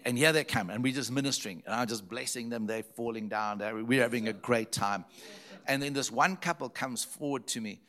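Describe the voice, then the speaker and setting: A man's voice: mid-range voice, a little fast, a bit bright. A male pastor from Zimbabwe telling stories in a sermon, emphatic and repeating key phrases for effect. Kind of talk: storytelling sermon.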